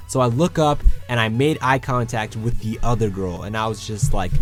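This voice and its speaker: A nineteen-year-old man casually telling a personal story to his viewers, acting out the quoted lines with lively energy. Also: lowish voice, a little fast, hardly any pauses, soft background music. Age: young adult. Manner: animated, acts out quoted lines.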